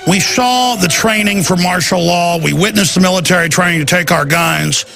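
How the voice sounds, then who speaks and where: A man's voice: high-pitched, moderate pace, creaky, over music. A man hosting a talk show, delivering a heated, emphatic and urgent radio monologue.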